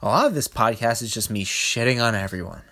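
A man's voice: medium pitch, lively intonation, a little fast, bright, forceful tone. A man hosting a solo comedy podcast, rambling crudely with lots of swearing and laughter. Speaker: podcast host.

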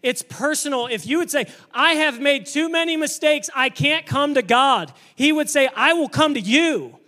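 A man preaching a sermon to a church congregation, energetic and emphatic, sometimes building up to shouting. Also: very high voice, moderate pace. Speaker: pastor.

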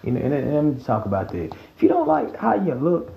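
A fired-up man ranting into his podcast, foul-mouthed and worked up. His voice sits a bit high, with a gravelly edge, and leaps all over the place. The sound is roomy and dull, like a lo-fi home setup. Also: huge pitch swings, brisk, hardly any pauses, noisy background. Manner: heated, profane, swings from low mutters to high yells. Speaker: podcast host. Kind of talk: casual podcast rant.

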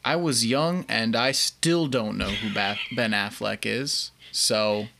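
A man co-hosting a casual movie review podcast, laid-back and dry with quick jokes. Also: fairly low pitch, fairly even intonation, vocal fry, sharp tone. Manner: laid-back, wry one-liners. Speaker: podcast co-host.

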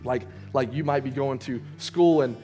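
A young man preaches in a loose, conversational way, telling a story full of fillers and quick restarts. His voice sits at an ordinary middle pitch. Soft music plays faintly under him. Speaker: youth preacher. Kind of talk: casual sermon storytelling.

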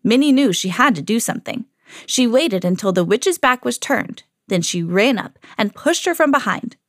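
A woman hosting a children's podcast, reading a storybook aloud in an expressive storytelling manner. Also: on the high side, moderate pace, no room sound, studio quality.

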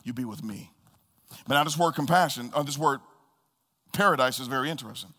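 A man preaching a sermon as pastor, swinging between soft low murmurs and high loud calls and repeating key phrases for emphasis. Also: fairly quick, big-room sound. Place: church sanctuary.

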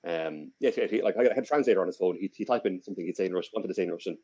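A man's voice: deep voice, very fast, warm tone, slightly rough, muffled recording. A young Irish man co-hosting a podcast, telling a long story in a rambling, casual way with many restarts. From Ireland. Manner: rambling, with frequent restarts and fillers. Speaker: podcast co-host.

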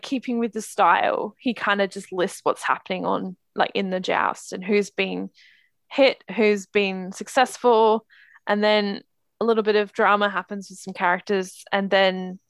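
A woman's voice: medium pitch, creaky, a bit bright, no room sound. A woman in casual chat about a book, talking with many fillers and restarts. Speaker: podcast co-host discussing books.

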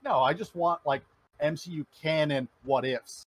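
Brief: husky, slightly high male co-host, blunt opinions, deadpan jokes. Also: moderate pace, dry recording. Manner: blunt, opinionated, dry humor. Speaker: podcast co-host. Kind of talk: casual chat.

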